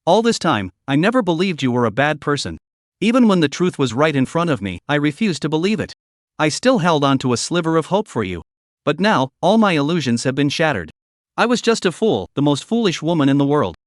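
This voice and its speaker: A man's voice: a little high, very animated, a little fast, dry recording, clean studio sound. A man voicing a heartbroken young woman who speaks with bitter despair in a narrated story.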